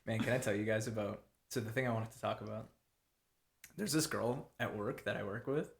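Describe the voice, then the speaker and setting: A man's voice: lowish voice, fairly quick, creaky. Young man telling stories with a laugh. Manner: laughing, storytelling, trails off into giggles. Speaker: podcast co-host. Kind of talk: casual chat.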